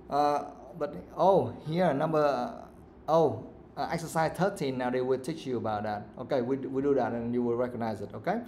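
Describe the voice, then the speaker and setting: A man's voice: medium pitch, fairly quick, a little mellow, echoey room, a little hiss or hum. A man with a Vietnamese accent teaching an English speaking lesson live, modelling intonation with exaggerated examples.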